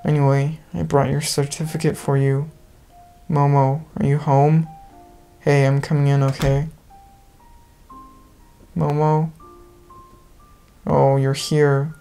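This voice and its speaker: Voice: medium pitch, level tone, slow, gravelly, long pauses, dark tone, clear, resonant tone, faint music behind. A gamer reading out the lines of a remorseful teenage girl who confesses her love, earnest and apologetic, as visual novel dialogue. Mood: gentle.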